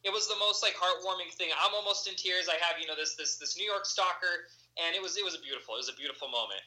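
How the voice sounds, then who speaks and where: A man telling a story as an interview guest in a rambling, halting way, with many restarts. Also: high voice, bright, forceful tone, poor audio. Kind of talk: animated storytelling.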